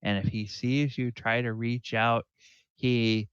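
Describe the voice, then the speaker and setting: A man narrating a tabletop game as dungeon master, halting and musing aloud. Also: medium pitch, steady tone, fairly bright tone, smooth, no echo, lo-fi sound. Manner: halting, many fillers and restarts, musing aloud.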